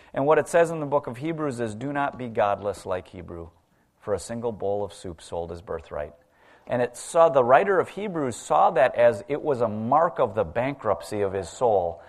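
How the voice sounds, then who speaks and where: A man preaching a sermon, retelling scripture and swinging between loud emphasis and quiet, low asides. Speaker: pastor.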